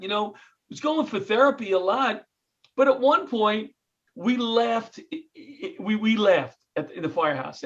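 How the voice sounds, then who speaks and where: A middle-aged man with a New York accent, a comedian and retired firefighter, telling stories in an interview with lively acted-out quotes. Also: high-pitched, dull audio. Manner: animated storyteller, acts out quotes, self-interrupting. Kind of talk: interview storytelling.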